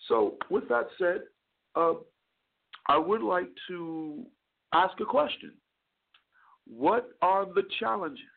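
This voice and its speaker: A man's voice: sits high, animated, takes it slowly, gravelly, long pauses. A man who is a chaplain and radio show host, preaching a sermon with repeated words and fervent build-ups. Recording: tinny phone-line audio.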